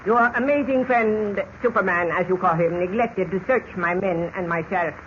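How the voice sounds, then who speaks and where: An actor playing a menacing villain who speaks in a stiff, precise, overly polite way, in 1940s radio acting style. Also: male voice, high voice, normal speed, a bit bright. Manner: stiff, formal, precise speech. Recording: dull lo-fi old radio recording with hiss.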